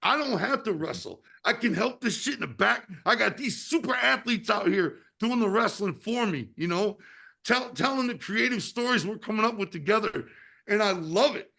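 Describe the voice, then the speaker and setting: A man in his fifties talks in a casual, passionate way, swearing freely and checking in with his listeners. His voice sits high and has a gravelly fry. His tone is bright and forceful. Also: expressive, normal speed. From United States. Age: 50s. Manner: passionate, profane, repeats "you know what I mean". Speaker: podcast host and wrestling promoter. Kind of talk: casual chat.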